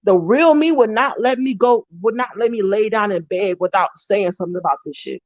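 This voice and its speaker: A woman's voice: mid-range voice, brisk, dry recording, muffled recording. Heated woman ranting on a livestream. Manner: heated, repetitive, profane ranting. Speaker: live-stream vlogger. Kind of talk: angry ranting live stream.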